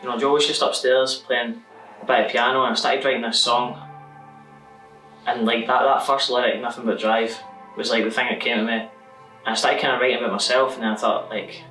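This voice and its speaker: Bright-voiced man, far off in a roomy space. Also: mid-range voice, brisk. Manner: relaxed, reflective storytelling. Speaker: songwriter in a band. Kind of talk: casual interview talk. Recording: roomy, distant mic with music behind.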